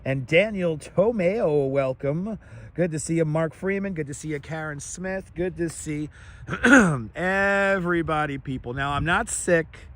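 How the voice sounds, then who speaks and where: A hoarse-voiced man hosting a live walking stream outdoors, rattling off viewer names and welcomes on a clip-on mic. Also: on the high side, unhurried, fairly bright tone. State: scratchy, hoarse voice. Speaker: livestream host. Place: outdoors on city streets. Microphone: wireless clip-on mic.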